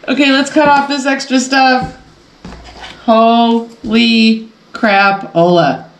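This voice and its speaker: A woman's voice: a little high, fairly even intonation, takes it slowly, echoey room, poor audio. A woman hosting a casual sew-along quilting vlog from her home sewing room, talking in a chatty, rambling way and laughing often. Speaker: quilting channel host.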